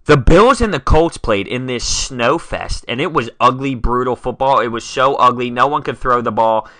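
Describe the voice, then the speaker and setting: A man's voice: medium pitch, expressive, normal speed, pushed and bright, no room sound. A young man hosting a solo sports talk podcast, dramatic and self-mocking as he rattles off scores. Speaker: podcast host.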